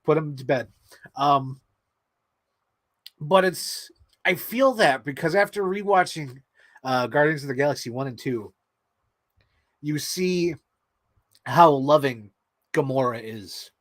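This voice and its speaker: A man's voice: fairly high pitch, expressive, slow, pauses often, no room sound. Emotional, rambling man with a dry, close sound. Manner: rambling and emotional, filler-heavy, laughing often. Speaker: vlog host. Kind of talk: casual chat.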